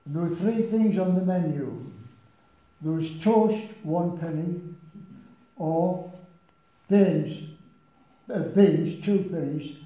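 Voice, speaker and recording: A man in his nineties telling wartime anecdotes to a local group, with dry humour and frequent pauses. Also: fairly high pitch, mellow. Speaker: war veteran giving a talk. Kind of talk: storytelling talk to a local group. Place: village hall. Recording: echoey hall, dull lo-fi sound.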